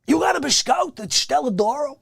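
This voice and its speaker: A man putting on a hot-tempered, indignant Bronx character with a Bronx accent, yelling complaints in an improvised comedy bit. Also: very high-pitched, expressive, brisk, no room sound, pitched above the performer's own voice, exaggerated voice. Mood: exasperated. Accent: New York Bronx, put on. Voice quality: gravelly, raspy, explosive shouting.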